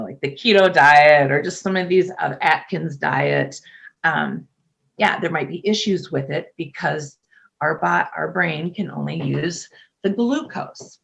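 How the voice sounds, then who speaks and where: Middle-aged woman, gravelly voice, chatty interview guest, lots of ums, laughs easily. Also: sits low, fairly bright tone. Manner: chatty, laughs often, many fillers. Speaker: nurse and podcast guest. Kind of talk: casual interview talk.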